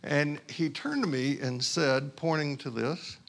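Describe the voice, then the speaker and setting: A male pastor from Houston, Texas telling a personal story in a sermon, conversational and halting with asides. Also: on the high side, creaky, fairly bright tone.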